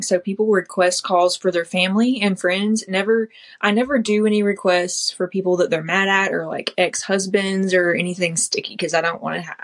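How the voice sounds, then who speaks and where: Low-voiced woman chatting. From Southern United States. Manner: chatty, sprinkles in lots of "like". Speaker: podcast guest, comedy creator. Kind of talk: casual interview chat.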